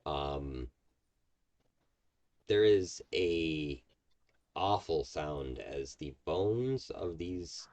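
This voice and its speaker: Very deep-voiced man as game master. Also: lively intonation, very slow, long pauses, darkish tone. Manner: rambling, many ums and restarts. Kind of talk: narrating a tabletop game.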